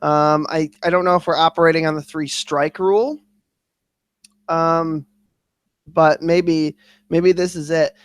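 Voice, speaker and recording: A man rants through a casual podcast stream, swearing nearly every sentence. His voice sits a little high and comes across dry and close, with no room sound around it. He talks quickly and with lots of energy. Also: no echo. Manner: heavy cursing, ranting; fast, animated venting. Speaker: podcast co-host. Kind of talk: casual livestream chat.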